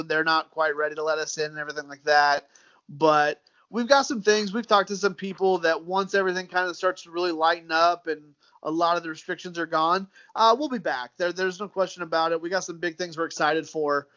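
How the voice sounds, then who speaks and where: A man's voice: fairly high pitch, brisk, pushed and bright, highs cut off. A man with a Midwestern American accent, chatting loosely as a podcast guest, repeating words and calling his host "dude" and "man". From United States. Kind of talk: casual chat.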